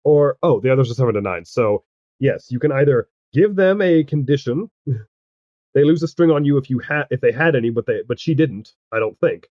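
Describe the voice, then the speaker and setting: A man's voice: medium pitch, expressive, no echo, dull audio. Chatty man running a tabletop game. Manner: chatty, halting, laughs often while narrating. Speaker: game master. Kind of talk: narrating a tabletop role-playing game.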